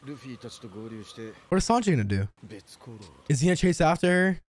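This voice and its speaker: Young male reaction host, high lively voice, swears constantly, animated. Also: moderate pace. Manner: excitable, profane, slangy. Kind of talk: casual reaction commentary.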